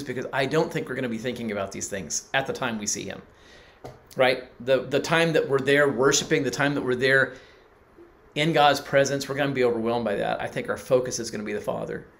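A man's voice: medium pitch, a little fast, a bit bright. A middle-aged man preaching, telling a personal story and acting out the people he quotes. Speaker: pastor. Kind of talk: sermon.

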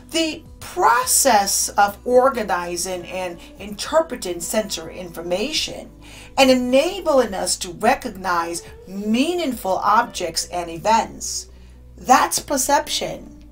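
A woman gives a psychology lecture in a fairly high voice that rises and falls a lot. She speaks slowly and deliberately and leans on each key term. Soft music plays faintly underneath. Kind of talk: scripted lecture.

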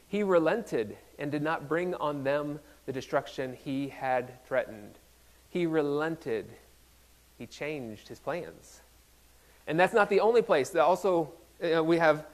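A man pastor giving a casual, conversational sermon in a playful, self-deprecating manner, often restarting his sentences. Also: a little high.

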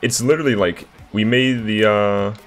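A young man from Virginia streaming a game live, reacting loudly to plays and reading his chat aloud to thank viewers. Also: fairly low pitch, steady tone, moderate pace, faint music behind. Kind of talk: live gameplay commentary.

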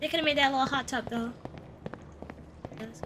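Excitable high-voiced woman streaming a game. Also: normal speed, noisy background. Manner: excitable, exclaiming, talking to viewers. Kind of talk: live gameplay commentary.

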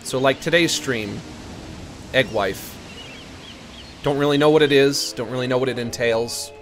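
A man's voice: mid-range voice, unhurried, faint music behind. A man chatting casually on a live stream in a playful, rambling, joking way.

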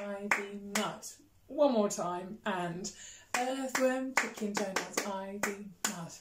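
A woman music teacher with a British accent leading a children's rhythm lesson, chanting words slowly with gasps and playful disgust. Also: on the high side, echoey room. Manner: animated storytelling, gasps and exaggerated disgust.

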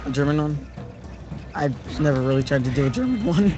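A young man co-hosting a game stream, teasing his partner and reacting out loud to the match he is playing. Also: on the high side, expressive, a little fast, dull audio, background noise. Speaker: stream co-host. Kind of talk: casual gaming stream chat. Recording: game music clear in background.

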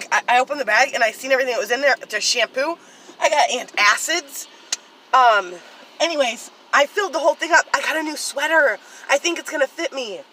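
A woman chatting excitedly to viewers in a casual vlog, talking straight to the camera about her finds. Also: fairly high pitch, a little hiss or hum, rough recording. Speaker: vlogger. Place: in a car, rain outside.

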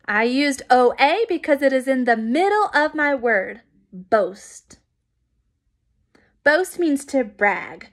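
A woman teacher giving a recorded phonics lesson to young children, encouraging and clear. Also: a little high. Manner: slow, clear, encouraging classroom pacing.

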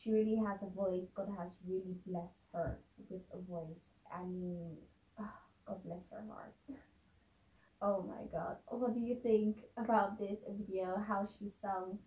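A woman's voice: mid-range voice, fairly even intonation, a little slow, warm tone, far from the mic. A woman hosting a reaction vlog, emotional and gushing, tearful as she talks. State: teary, crying. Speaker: reaction video host. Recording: echoey room, voice from off the mic.

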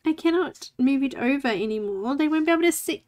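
A woman's voice: sits high, animated, brisk, darkish tone. A woman in her forties hosting a live coloring tutorial, chatting, laughing and teasing her cat as she works. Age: 40s. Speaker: art tutorial host. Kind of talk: live coloring stream chat.

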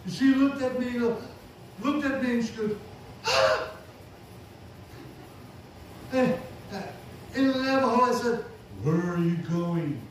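A man's voice: extremely high pitch, fairly even intonation, normal speed, long pauses, a little hiss or hum. A man preaching a sermon, punctuating his points with amen and hallelujah. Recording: echoey hall recording from far off.

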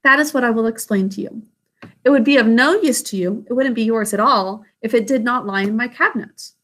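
A woman voicing a gentle, wise old grandmother who speaks in a calm, measured way. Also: on the high side, close to an everyday voice.

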